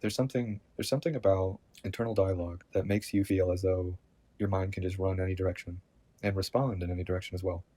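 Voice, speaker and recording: A man's voice: low-pitched, steady tone, fast talker, dark tone, no room sound. A man talking to camera in a rambling, agitated personal monologue, swearing constantly and repeating himself. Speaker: vlogger.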